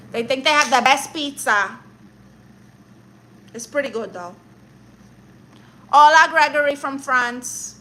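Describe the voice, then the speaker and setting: A woman rants at her live-stream viewers in a sassy, mock-insulting way and peppers her talk with Spanish exclamations. Her voice is high and bright, and there is faint noise behind it. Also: measured pace, pauses often. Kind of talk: live stream comedy rant.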